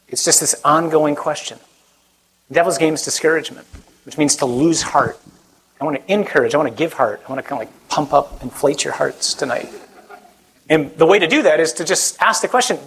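A priest preaching a conversational sermon to a live audience, joking and putting questions to the listeners. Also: male voice, fairly high pitch, a little fast, vocal fry, a bit bright, low-quality recording.

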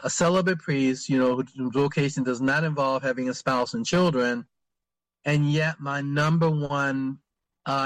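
A man, a priest, answering interview questions in a halting way with many fillers and restarts. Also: medium pitch, a bit bright, dry recording.

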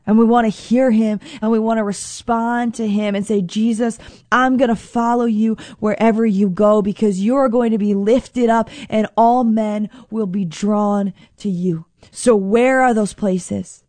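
A woman hosting a radio sermon show, talking earnestly and gently, slowing down on prayerful lines. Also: a little high, fairly even intonation, dry recording. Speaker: radio host and preacher. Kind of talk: reflective sermon talk.

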